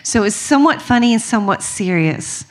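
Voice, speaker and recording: Young southern girl from mississippi, country accent, chatty and giggly, kinda high voice. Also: lively intonation, a little fast. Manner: giggly, chatty, many fillers. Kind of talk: casual chat to a group.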